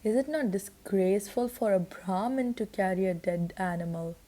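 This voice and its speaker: A woman's voice: mid-range voice, moderate pace, warm tone, close to an everyday voice. A woman voicing a sly male crook in a storybook reading, speaking with false, mock-respectful courtesy. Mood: mock polite. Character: sly male crook feigning polite concern.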